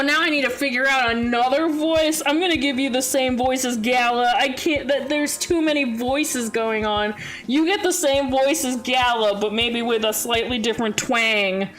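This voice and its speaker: A woman's voice: a little high, steady tone, normal speed, a bit bright, faint music behind. A woman streamer, playful and self-mocking, chatting over a game. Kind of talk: casual game stream commentary.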